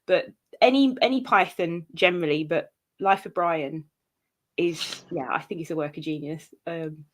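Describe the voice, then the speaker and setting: A woman chatting as a guest, animated and quick to laugh, often acting out scenes she describes. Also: lowish voice, a little hiss or hum. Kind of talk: casual chat.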